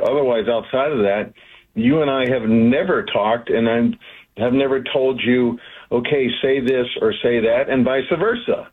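A man being interviewed as a guest on a radio show, making an earnest, persuasive pitch. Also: breathy edge. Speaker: guest, investment firm founder. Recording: tinny phone line.

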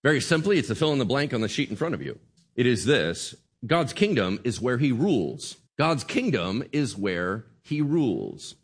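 A man preaching a sermon to his congregation, conversational and animated, often checking in with the crowd. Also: mid-range voice, moderate pace, breathy edge. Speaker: pastor.

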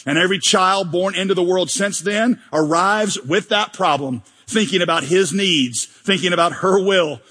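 A man preaching a sermon as pastor, animated and joking, often acting out mock prayers in a large church hall. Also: high-pitched, moderate pace, hardly any pauses, breathy edge. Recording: long hall reverb.

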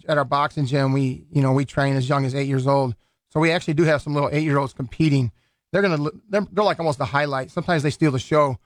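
Rambling man, slightly high voice. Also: dry recording, studio quality. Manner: rambling, loose, many restarts and fillers. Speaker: boxing event organizer. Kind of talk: casual radio interview. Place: radio studio. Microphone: studio microphone.

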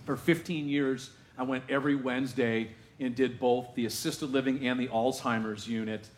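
A male pastor preaching a sermon to his congregation in a lively, conversational way, with asides to the room. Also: medium pitch, moderate pace, roomy sound, a little hiss or hum. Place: church sanctuary.

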